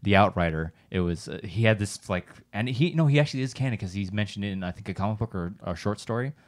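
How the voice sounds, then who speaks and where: Man, low voice, casual stream host, excited, rambling, lots of fillers. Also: quick pace. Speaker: podcast co-host. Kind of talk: casual livestream chat.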